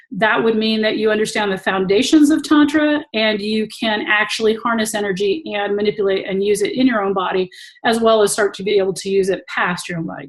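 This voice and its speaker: A woman's voice: mid-range voice, low-quality recording. A woman who teaches tantra talks casually to an online audience over a video call and laughs often while she tells stories.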